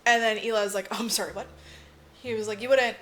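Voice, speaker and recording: A woman with a higher-side, fairly bright voice and fairly even intonation talks fast over soft background music. Co-hosting a podcast, she recaps a film casually, acts out the characters' lines, and swears freely while peppering her speech with "like."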